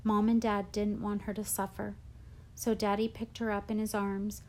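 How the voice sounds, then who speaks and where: A woman reading a children's novel aloud in a gentle, emotional storytelling manner. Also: medium pitch, level tone, moderate pace. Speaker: audiobook narrator. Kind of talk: audiobook reading.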